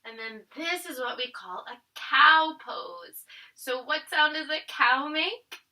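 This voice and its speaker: A woman teaching a family yoga class. She gently guides each pose step by step and counts the breaths. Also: high voice, slow, recorded from a distance, poor audio. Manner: calm step-by-step guiding, counting breaths, switching between English and Spanish. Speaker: yoga instructor.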